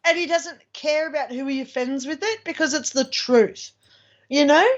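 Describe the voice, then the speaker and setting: High-voiced Australian woman hosting a chat. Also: moderate pace, dull audio. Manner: chatty, exclaiming often. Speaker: show host. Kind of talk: casual chat over a video call.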